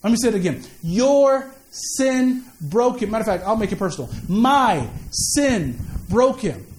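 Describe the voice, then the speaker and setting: A man's voice: sits high, sing-song, a little fast, a little hiss or hum. A man preaching a sermon in a conversational way, repeating words and asking the listeners questions. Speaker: pastor.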